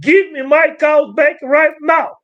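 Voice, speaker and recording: A man's voice: very high voice, takes it slowly, a bit bright, dull audio, voice pushed up, full character voice. A man voicing an angry god who scolds and blusters, demanding his stolen cows back.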